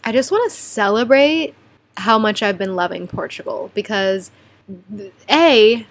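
Chatty, animated young woman vlogging. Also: mid-range voice. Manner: chatty and animated, quick shifts to quiet asides. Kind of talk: candid personal vlog.

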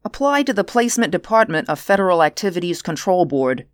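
A woman voicing a big, suspicious man in uniform who speaks crisply and demands answers. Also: fairly low pitch, big pitch swings, a little fast, no room sound, clean studio sound. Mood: demanding.

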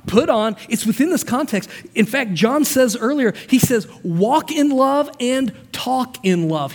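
Male pastor, high voice, sermon in a long-reverb hall; storytelling turns to emphatic exhortation. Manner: preaching with stories, swings from soft storytelling to emphatic.

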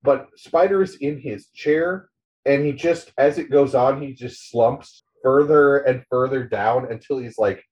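A man talks casually at a middle pitch, retelling scenes with frequent hesitations and quick voiced quotes of the characters. The recording is dull and lo-fi. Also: darkish tone. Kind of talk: casual chat.

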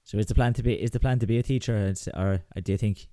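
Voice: mid-range voice, fairly even intonation, very fast, dark tone, a little hiss or hum. A podcast host asking questions with hesitant restarts. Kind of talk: interview questions.

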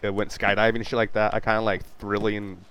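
A man's voice: on the low side, fast talker, smooth, dull audio. A man in casual chat with friends, swearing and telling a skydiving story. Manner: animated, profane, storytelling. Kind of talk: casual chat reacting to videos.

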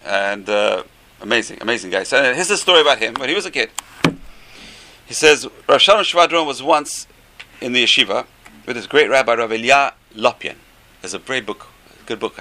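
Gravelly rabbi telling a story. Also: male voice, mid-range voice. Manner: animated, rhetorical questions, stretches key phrases. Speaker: rabbi teaching a class. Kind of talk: Torah class storytelling.

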